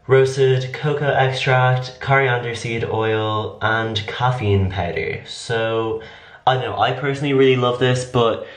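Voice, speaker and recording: Guy doing a chatty skincare vlog, kinda raspy, low flat voice, echoey room. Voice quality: slightly raspy. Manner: rambling, filler-heavy, upbeat. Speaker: beauty vlogger. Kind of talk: casual skincare tutorial.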